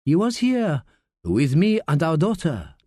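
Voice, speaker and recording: A man's voice: fairly high pitch, huge pitch swings, measured pace, dark tone, no room sound, studio quality, heavily acted. A man voicing a delicate young French woman with a light French accent in an audiobook. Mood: amused. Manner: light, airy.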